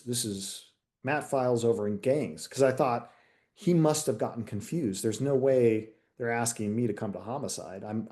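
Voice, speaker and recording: A retired detective sergeant from the United States, a man, telling a candid story in a casual interview and acting out the dialogue. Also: medium pitch. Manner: candid, animated storyteller who acts out quoted dialogue.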